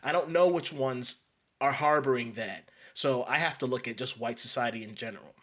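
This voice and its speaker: A man's voice: medium pitch, normal speed, fairly bright tone. A man from New York delivering an emphatic ranting monologue, repeating and restarting phrases. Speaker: commentator.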